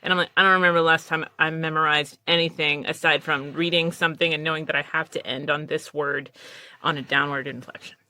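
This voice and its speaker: A woman's voice: deep voice, steady tone, fast, bright, forceful tone, no echo. A woman voice actor in casual podcast chat, telling stories animatedly, acting out quoted lines and swearing casually.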